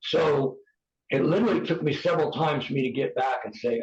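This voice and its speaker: A man's voice: mid-range voice, a little fast. A man from the United States in his fifties, a podcast guest giving an earnest, pleading personal testimony, often restarting his sentences. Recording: roomy, dull podcast audio.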